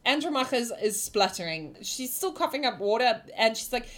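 A woman's voice: fairly high pitch, animated, moderate pace, few pauses, fairly bright tone. Woman game master, casual narration. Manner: casual, loose, with fillers.

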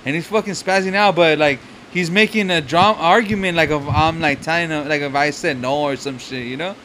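A man with a somewhat high voice tells animated stories in loose, casual conversation. He swears freely and talks in slang over a faint hiss of background noise. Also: brisk. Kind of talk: casual chat.

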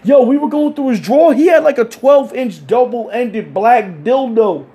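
A man telling crude stories in casual chat, animated and acting out the people he quotes. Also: extremely high pitch, normal speed. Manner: animated, acts out quoted voices. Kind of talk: casual profane storytelling.

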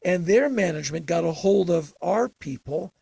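Gravelly older man, emphatic storyteller. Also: fairly high pitch, normal speed, no echo. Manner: emphatic, animated storytelling with sudden bursts. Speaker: interview guest. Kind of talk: casual storytelling interview.

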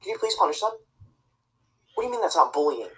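A woman's voice: sits low, big pitch swings, quick pace, a little hiss or hum, rough recording. A woman acting a prissy, rule-obsessed teacher's pet student in a comedy sketch, tattling and preaching about the rules. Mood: tattling, indignant. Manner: tattling, self-righteous and preachy.

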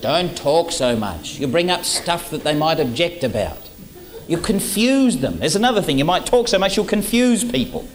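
A man's voice: a little high, expressive, normal speed, a little hiss or hum. A middle-aged Australian man giving a humorous sales-training talk to a live audience, acting out little scenes between salesperson and prospect.

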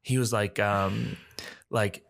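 A man's voice: lowish voice, slow, creaky. A man casually chatting about film adaptations on a podcast, hedging a lot. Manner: relaxed, hedging with "like" and "apparently". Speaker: podcast co-host.

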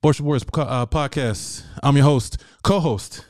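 A man co-hosting a podcast in casual chat, hyped and slangy as he gives shout-outs. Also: medium pitch, measured pace, no room sound, clean studio sound. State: out of breath. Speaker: podcast co-host.

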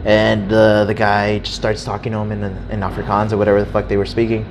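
A young man casually telling a story, animated and swearing freely, acting out the people in it. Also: fairly low pitch, fast talker, slight background noise. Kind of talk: casual chat.

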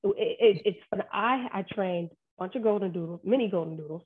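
Casting: woman dog trainer, husky voice, animated and sarcastic, phone-quality line. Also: mid-range voice, fairly quick. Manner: animated storytelling, sarcastic asides. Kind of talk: casual podcast chat.

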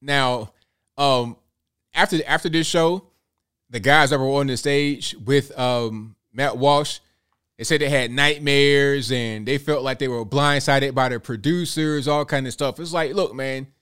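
A man's voice: mid-range voice, measured pace, a bit bright, clear, resonant tone. A young man hosting a reaction commentary, talking bluntly and repeating himself in a conversational way. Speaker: commentary host.

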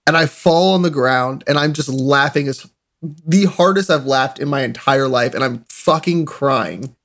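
A young man telling animated stories in a casual chat, laughing often. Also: medium pitch, measured pace. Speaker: podcast co-host.

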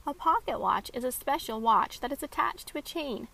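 A woman's voice: high-pitched, lively intonation, normal speed, creaky, bright, forceful tone, exaggerated voice, poor audio. A woman voicing a patient young girl who explains things to younger kids.

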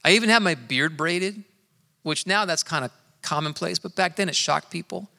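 A man preaching to his congregation, his voice bright and forceful, a little higher than most men's. He tells his own story in an earnest, conversational way and leans hard on key words. The sound rings out with the long reverb of a big hall. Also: creaky. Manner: earnest, conversational storytelling with emphatic slow stresses. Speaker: pastor. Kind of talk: sermon with personal testimony. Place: church sanctuary.

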